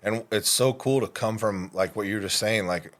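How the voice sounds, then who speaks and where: Very deep-voiced laid-back man. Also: moderate pace, a bit bright. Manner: laid-back, swears casually. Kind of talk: casual chat.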